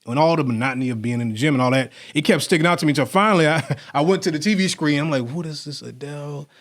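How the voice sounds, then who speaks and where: A man co-hosting a podcast in casual chat, animated and rambling, often restarting his sentences. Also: on the high side, very fast. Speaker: podcast co-host.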